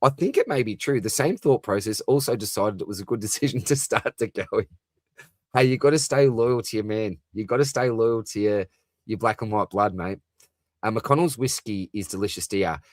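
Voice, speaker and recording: A young man with an Australian accent talks easily into a close, dry microphone at home. His voice sits on the low side as he answers viewer comments one after another in a relaxed livestream chat. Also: normal speed, no room sound. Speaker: fantasy football livestream host. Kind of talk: late-night casual livestream chat.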